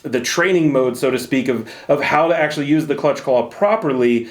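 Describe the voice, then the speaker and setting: A man's voice: mid-range voice, lively intonation, fairly quick. A man hosting a casual chat about a video game, rambling and joking at his own expense. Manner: jokey, rambling, self-deprecating banter. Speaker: host.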